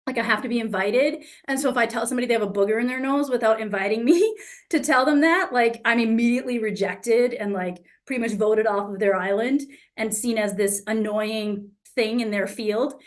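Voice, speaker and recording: A woman coach with a fairly high voice talking casually to her group. She is candid and blunt, swears freely, and throws herself into acting out both sides of conversations as she teaches. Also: a little fast. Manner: lively, acts out quoted exchanges.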